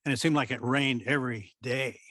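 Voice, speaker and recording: At a talk, an older Midwestern man who used to direct theatre reminisces about his career in a medium-pitched voice, speaking a little fast with no echo. He's an animated storyteller who acts out what people said.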